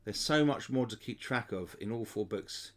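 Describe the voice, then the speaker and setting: A man's voice: on the low side, moderate pace, fairly bright tone. A man hosting a channel, reading a gamebook aloud with casual asides to his viewers. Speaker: gamebook player and channel host.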